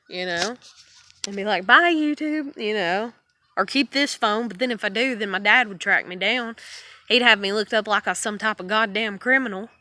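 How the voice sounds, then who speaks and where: Woman vlogger in her thirties, upset and stressed, a high voice and a dry, close sound, swearing and exasperated. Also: sharp tone, dry recording. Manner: swearing, exasperated, trailing off into weary sighs. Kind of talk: frustrated personal vent to camera.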